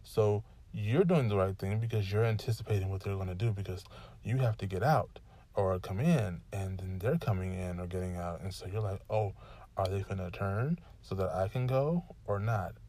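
A man's voice: low voice, moderate pace, dark tone, no room sound. A man hosting his own freestyle podcast, venting with exasperation in rambling run-on sentences that sometimes rush and sometimes stretch out. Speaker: podcast host. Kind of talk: solo freestyle podcast rant.

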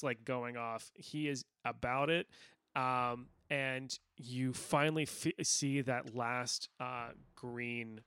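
A man's voice: medium pitch, pushed and bright, clear, resonant tone, dry recording, clean studio sound. A man narrating a tabletop game as game master, apologetic and full of fillers. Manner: apologetic, stumbling with many fillers.

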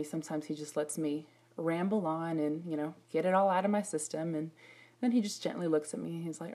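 Speaking at a moderate pace in a deep voice, the middle-aged preacher shares personal stories with animation, even acting out the prayers she once prayed.

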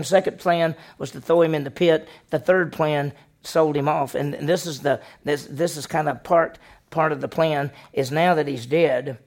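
A man pastor preaching a sermon, questioning the congregation and acting out the story with lively voices. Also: on the high side, vocal fry.

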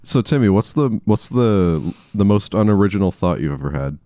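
Deep mellow young man steering chat. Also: animated, moderate pace, no echo, clean studio sound. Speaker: podcast co-host. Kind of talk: casual chat among friends.

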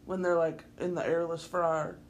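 A woman co-hosting a podcast in casual chat, telling stories in a wry, deadpan way with laughing asides. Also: fairly low pitch, moderate pace, a little hiss or hum. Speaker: podcast co-host.

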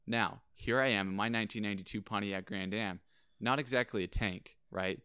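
Young man, low voice, smooth, podcast storyteller, dramatic pauses. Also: steady tone, sharp tone, dry recording, clean studio sound. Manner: dramatic, builds suspense with pauses and slow phrasing. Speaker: podcast co-host. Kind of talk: animated storytelling.

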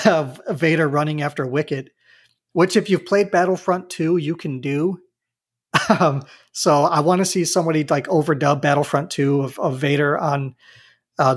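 A man's voice: a little high, slightly rough. A man chatting casually as a podcast co-host, retelling a scene with amused, rambling restarts. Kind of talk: casual chat.

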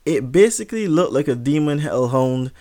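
A young man casually telling a funny story in an animated, profane and self-mocking way. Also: a little high, normal speed.

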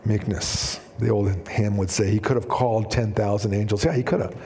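A man's voice: lowish voice, fairly even intonation, moderate pace, warm tone, a little hiss or hum. A middle-aged man preaching a sermon as pastor, telling stories casually with fillers and acting out the voices he quotes. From Canada. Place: church sanctuary. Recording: long hall reverb in a church.

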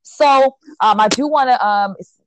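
A woman's voice: fairly high pitch, unhurried, background noise. A woman hosting a podcast in casual chat, upbeat and loose with lots of ums and repeated words. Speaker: podcast host.

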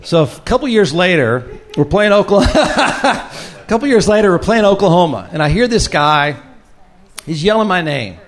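A man's voice: sits high, moderate pace. A man who hosts the show, telling an old football story to a live audience and acting out the voices in it. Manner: lively, acts out quoted voices. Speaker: host, former football kicker.

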